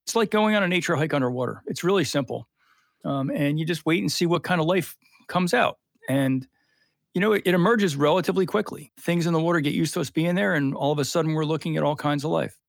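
Animated man explaining river life. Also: on the high side, fast talker, gravelly, dry recording. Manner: animated, explains with lots of fillers. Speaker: freshwater snorkeling guide. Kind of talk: enthusiastic explanatory interview talk.

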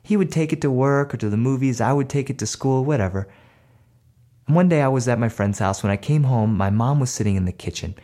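A man telling a personal story aloud in an animated, conversational way. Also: mid-range voice, fairly quick.

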